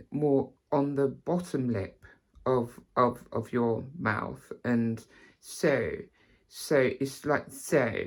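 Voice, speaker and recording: A woman with a non-RP British accent teaching an accent tutorial, halting and repeating herself, often starting with "so". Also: extremely low pitch. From Britain. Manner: halting, repeats words, starts many lines with "so".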